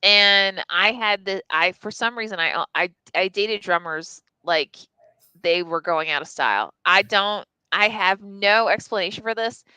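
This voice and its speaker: A woman's voice: mid-range voice, unhurried, pushed and bright, smooth, no echo, rough recording. A woman telling a candid personal story on a live stream, casual and profane, full of "like" and restarts. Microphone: live stream mic.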